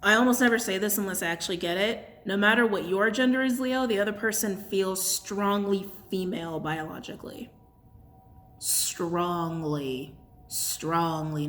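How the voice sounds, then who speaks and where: A woman's voice: medium pitch, fairly bright tone, a little hiss or hum. A woman doing a casual channeled tarot and crystal reading to her camera, chatty and blunt, laughing often.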